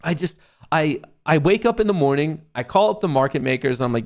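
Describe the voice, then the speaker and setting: A young man hosting a casual livestream about day trading, swearing often and breaking into loud, jokey bragging. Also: a little high, brisk. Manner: excitable, profane, jokey bragging. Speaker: livestream host, day trader.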